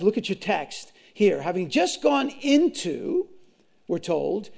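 A man preaching a sermon to his congregation, impassioned, swinging from loud to hushed and repeating phrases. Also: high-pitched, gravelly. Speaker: pastor.

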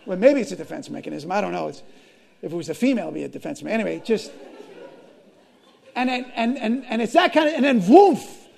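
Impassioned gravelly pastor. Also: male voice, sits high, very animated, fast, pauses often. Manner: impassioned, swings from loud to hushed, repeats phrases, addresses congregation. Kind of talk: sermon.

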